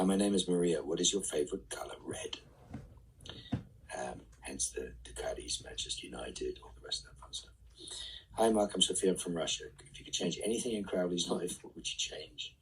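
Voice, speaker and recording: A man reading fan questions aloud and answering them casually in a live online Q&A, often trailing off into soft asides. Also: extremely low pitch, recorded from a distance, a little hiss or hum, poor audio.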